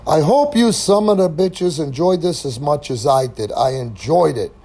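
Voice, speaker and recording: A middle-aged man tells an old wrestling story straight to his viewers, casual and profane. His voice is mellow and dark in color but sits a little high. He talks with lively energy and drops swear words freely. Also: normal speed. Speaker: wrestling channel host.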